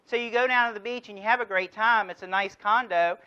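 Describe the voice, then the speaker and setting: Bright-voiced man giving a keynote. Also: high-pitched, fairly even intonation, brisk, smooth, highs cut off. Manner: storytelling with rhetorical questions and acted dialogue. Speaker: keynote speaker. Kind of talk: motivational conference address.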